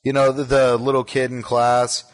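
A man co-hosting a podcast, casually swearing and telling old jokes in a relaxed, storytelling way. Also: mid-range voice, normal speed. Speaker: podcast co-host.

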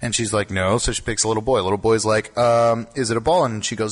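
A man co-hosting a podcast, casually swearing and telling old jokes in a relaxed, storytelling way. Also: on the low side, fast. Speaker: podcast co-host.

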